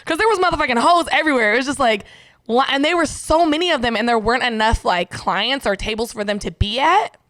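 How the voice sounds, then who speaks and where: A woman's voice: fairly high pitch, animated, fast, fairly bright tone, dry recording. A young woman in casual chat, telling stories animatedly, swearing freely and laughing often. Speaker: friend in a podcast chat.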